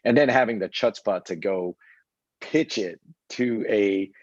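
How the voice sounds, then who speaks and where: A very low-voiced man hosts a podcast interview and steps in to reflect on what the guest has shared. He sums up the lessons for listeners in a measured, thoughtful way. The sound is dry and a little muffled. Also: dry recording. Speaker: podcast host.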